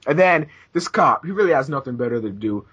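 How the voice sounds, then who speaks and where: A young man hosting a casual podcast, telling crude stories with loud acted-out quotes. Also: mid-range voice, expressive, brisk, slightly rough. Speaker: podcast host. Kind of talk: casual gaming podcast chat. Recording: dull lo-fi voice chat audio.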